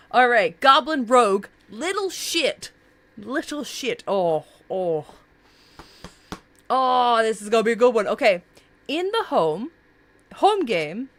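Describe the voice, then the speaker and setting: A woman's voice: on the high side, fairly bright tone, no echo. A woman streamer in casual live-stream chat, reacting to viewers' characters in a bubbly, gushing way with many fillers.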